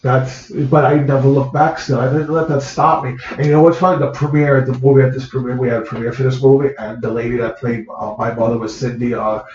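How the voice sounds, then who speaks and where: A man, an actor, recalls a personal story in conversation, halting and repeating words as the feeling comes through. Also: medium pitch, steady tone, a little mellow. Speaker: actor, guest. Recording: roomy, dull lo-fi sound.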